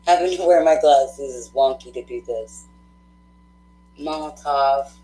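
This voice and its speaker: A woman hosting a live tarot stream, chatting casually with viewers, effusive and quick to laugh, thinking aloud with fillers. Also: a bass voice, dark tone, echoey room, low-quality recording.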